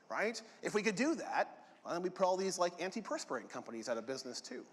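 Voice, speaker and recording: A man's voice: on the high side, very animated, fast, hardly any pauses, a bit bright, slightly rough. A man giving a university anatomy lecture, casual and joking, often checking in with the class by asking "right?". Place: lecture hall. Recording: long reverb of a lecture hall.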